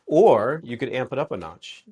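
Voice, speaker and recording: A man's voice: medium pitch, big pitch swings, moderate pace, mellow, slightly rough. A man in an interview, talking casually and animatedly as a relationship coach, acting out quoted exchanges as he explains.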